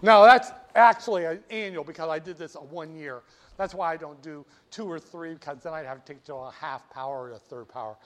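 A finance lecturer with a slightly high, brisk voice teaches a classroom. Animated and joking, he teases students and quizzes them in between the math.

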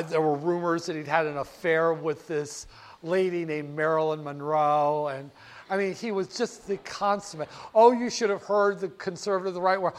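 An older man telling history in an informal, animated way, slipping into voices for the people he quotes. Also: sits high.

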